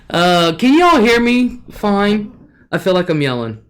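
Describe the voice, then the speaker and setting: A woman's voice: on the low side, big pitch swings, slow. A woman hosting a casual live stream from her desk, greeting viewers by name, reading their comments aloud and swearing freely. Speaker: livestream host.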